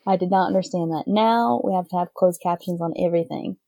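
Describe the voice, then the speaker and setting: A woman's voice: fairly low pitch, quick pace, vocal fry, dark tone, no echo. Talkative, teasing woman guest, dry and close. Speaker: podcast guest. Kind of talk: casual podcast chat.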